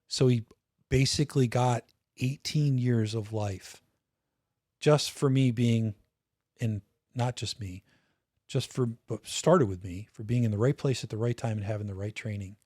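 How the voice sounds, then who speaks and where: A middle-aged man talks through a personal story in a relaxed podcast interview. His voice sits at an ordinary pitch and sounds dry and close, with no room echo. He speaks candidly, swears casually and keeps circling back to restart his sentences. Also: unhurried. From United States. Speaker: interview guest, retired state police major.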